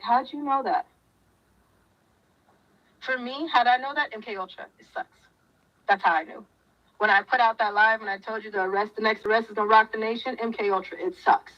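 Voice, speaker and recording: A woman talking to her viewers in a fiery, preachy way, firing off repeated questions. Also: medium pitch. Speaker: commentator. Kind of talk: impassioned talk to viewers. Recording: muffled lo-fi audio.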